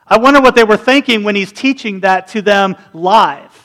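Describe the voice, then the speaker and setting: A man in his forties preaching a sermon, telling animated stories and acting out the people in them. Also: high voice, normal speed. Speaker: pastor.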